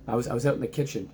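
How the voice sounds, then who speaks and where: A married man casually recapping wrestling, excited and rambling with many ums and restarts. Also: medium pitch, a little hiss or hum. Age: adult, married father. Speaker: wrestling reaction vlogger. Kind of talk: casual reaction vlog.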